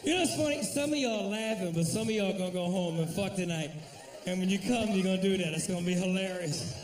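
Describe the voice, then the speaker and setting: A man's voice: high voice, fast, recorded from a distance. A man doing a profane, brash stand-up set, jumping in and out of acted-out voices. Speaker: stand-up comedian.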